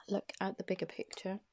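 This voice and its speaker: A woman giving an intuitive tarot card reading to camera. She talks in a soothing, reassuring way and often repeats her phrases and questions. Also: dark tone.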